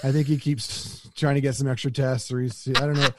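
A man's voice: mid-range voice, fairly quick, very noisy. A man from Canada co-hosting a podcast, riffing playfully in casual chat. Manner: playful joker, animated riffing. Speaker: podcast co-host.

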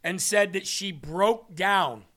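A man with a high, bright voice delivers a storytelling sermon as host of his show. He acts out each person's words in the story with lively changes of tone. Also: takes it slowly. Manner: animated, acts out dialogue in a story. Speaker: host and preacher.

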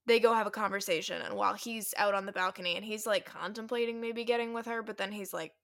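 A woman's voice: mid-range voice, quick pace, vocal fry. Woman podcast host chatting, recapping a story and doing little voices for the characters. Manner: animated retelling with acted-out quotes. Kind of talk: casual chat recapping a romance novel.

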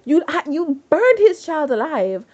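A woman's voice: high-pitched, big pitch swings, measured pace, a little mellow, muffled recording, pitched above the performer's own voice. A woman voicing a grieving man who speaks in an earnest, wounded way. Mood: hurt. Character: grieving hurt man, pleading.

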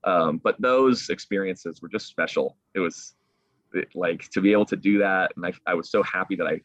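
Low-voiced young man telling a story. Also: dry recording, highs cut off. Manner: animated, excited retelling with quick acted quotes. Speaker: guest, young sports broadcaster. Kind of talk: storytelling in a video call interview. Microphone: video call.

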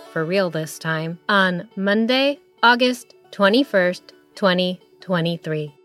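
A woman host reads a children's story aloud at a slow, easy pace, playful and unhurried. Her pitch sits in the middle of the range for women, and faint music plays underneath. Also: a bit bright.

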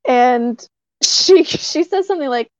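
Excited, higher-pitched woman telling a story. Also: a little slow, no room sound. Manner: excited, laughing, many fillers. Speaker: puppeteer. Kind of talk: casual storytelling. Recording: dry, slightly dull recording.

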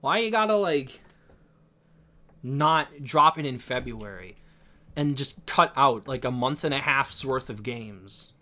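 A man co-hosting a casual podcast, ranting in an animated way and swearing freely. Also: medium pitch, slow, a little hiss or hum. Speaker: podcast co-host. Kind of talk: casual chat.

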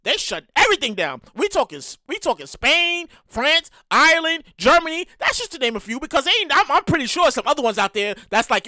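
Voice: high voice, sing-song, brisk, few pauses, bright, forceful tone, dry recording, clean studio sound. A show host giving casual, profane commentary on the news, often stumbling and repeating words and acting out other people's reactions.

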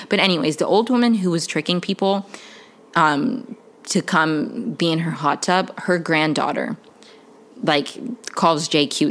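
A young woman with a low voice talks through a TV recap in a loose, chatty way. She leans on filler words and often restarts her sentences. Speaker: TV recap vlogger. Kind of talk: casual recap chat.

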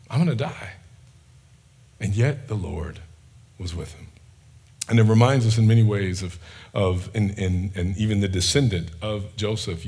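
Husky-voiced man preaching with passion. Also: medium pitch. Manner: passionate, swings from loud emphasis to quiet near-whisper. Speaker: pastor. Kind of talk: sermon.

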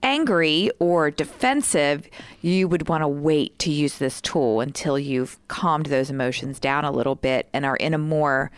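A woman in her forties, a co-host explaining a communication tool in a measured, casual way with many fillers. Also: low voice, clean tone, no echo. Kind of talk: explaining casually with role-play examples.

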